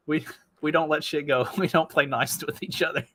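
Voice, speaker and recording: Bright-voiced man, halting casual chat. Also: a little high, fairly even intonation, a little hiss or hum. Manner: halting, repeats words, laughs while talking. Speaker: podcast co-host.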